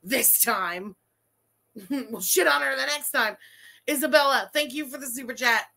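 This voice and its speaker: High-voiced woman streamer, cussing and cackling through a live reaction, sharp bright tone. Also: measured pace, vocal fry. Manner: excitable, profane, laughing outbursts.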